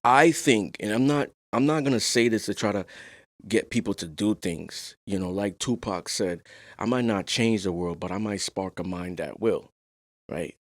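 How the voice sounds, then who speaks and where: A young adult man hosting a podcast, talking in a casual discussion, soft-spoken and calm but rising to animated emphasis. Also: on the low side, moderate pace, no echo, clean studio sound. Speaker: podcast host.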